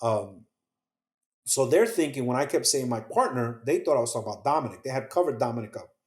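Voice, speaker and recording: A man, a podcast guest, telling his own survival story in an earnest way. He acts out the voices of others and goes quiet at the painful parts. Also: mid-range voice, animated, brisk, reverberant. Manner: earnest, acts out quoted voices, drops soft at painful moments. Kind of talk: emotional first-person storytelling.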